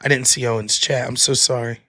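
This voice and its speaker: A man's voice: mid-range voice, flat delivery, fairly quick, pushed and bright. A man hosting a livestream, venting in a casual, exasperated way with plenty of swearing and reading out viewer donations. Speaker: livestream show host.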